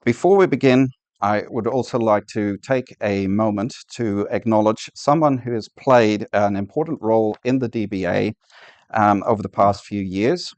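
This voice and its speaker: A man's voice: lowish voice, moderate pace, a little mellow, no echo. Man giving a formal introduction, dry. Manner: reads a prepared speech with fillers. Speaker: event presenter for a business association.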